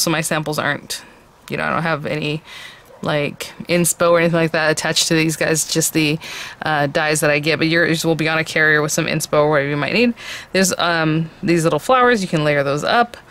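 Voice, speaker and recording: A woman's voice: sits low, fairly even intonation, fast. A woman hosting a casual craft tutorial, chatting about each little piece as she shows it. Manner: chatty, warm-hearted, calls pieces "little guy". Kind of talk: casual product demo.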